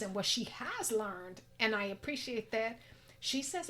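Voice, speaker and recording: A woman's voice: unhurried, slight background noise. A middle-aged woman guest in a casual interview, talkative and reflective, breaking into laughter. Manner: talkative, reflective, laughs and pitch jumps when excited.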